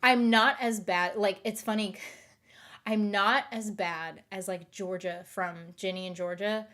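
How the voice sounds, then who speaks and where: A woman's voice: medium pitch, fairly even intonation, measured pace, fairly bright tone. Chatty woman with a light Southern accent. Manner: rambling, chatty, self-correcting with restarts. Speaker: YouTube host. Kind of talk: casual chat.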